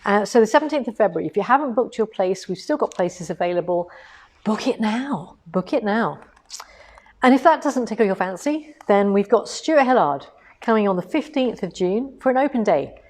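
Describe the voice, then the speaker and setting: A woman's voice: mid-range voice, animated, normal speed, darkish tone. Chatty enthusiastic woman demonstrating. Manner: chatty, enthusiastic, rhetorical asides. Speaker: co-host of a quilting shop livestream. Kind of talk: casual livestream chat and product demo.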